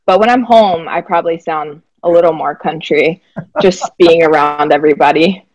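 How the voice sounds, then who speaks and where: A young woman from Alabama with a faint Southern accent softened toward the West Coast, chatting easily as an interview guest. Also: sits low, moderate pace, no room sound, low-quality recording. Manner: easygoing, chatty, laughs lightly. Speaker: guest, basketball player development director. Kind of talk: casual interview chat.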